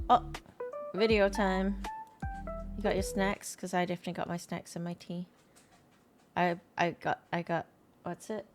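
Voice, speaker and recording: A woman with a fairly low voice hosts casual commentary over a lesson video. She chats and jokes straight to her viewers, with loud guitar music playing under her. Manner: chatty, joking, talks to viewers. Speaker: video host reacting to a lesson.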